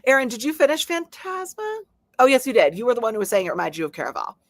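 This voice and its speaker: A woman's voice: a little high, lively intonation, fast talker, no room sound. A woman hosting a live stream from home, reading viewer comments aloud and chatting in a bubbly, friendly way. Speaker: livestream host.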